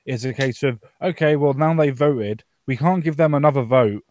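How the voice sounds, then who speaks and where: A man's voice: medium pitch, moderate pace, a little mellow, dry recording, clean studio sound. Opinionated British man chatting politics. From Britain. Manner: opinionated, explaining. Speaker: podcast co-host. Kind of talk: casual political chat.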